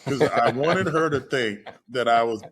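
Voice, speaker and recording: A man telling a personal story in a casual chat, acting out the people he quotes with lively shifts in voice. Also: mid-range voice, unhurried, breathy edge. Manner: animated, acts out quoted voices. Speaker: guest storyteller.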